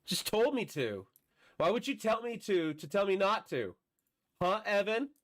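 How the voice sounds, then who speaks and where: A man streaming a video game, chatting casually and bantering with viewers, his voice a bit hoarse from a recent illness. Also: sits high, very animated, a little slow, no echo. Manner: joking, bantering with chat.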